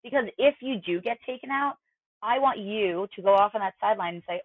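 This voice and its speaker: A woman's voice: medium pitch, brisk, no room sound. A woman mental performance coach, a podcast guest, explaining in a chatty way with many fillers. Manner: conversational, explanatory, filler-heavy. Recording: dry tinny phone-like line.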